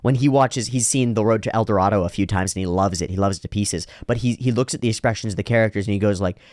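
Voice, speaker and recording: Low-voiced man musing aloud. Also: a little mellow, dry recording, clean studio sound. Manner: rambling, thinking aloud with restarts; drops into slow exaggerated voices for quoted lines. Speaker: anime reaction host. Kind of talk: reflective commentary.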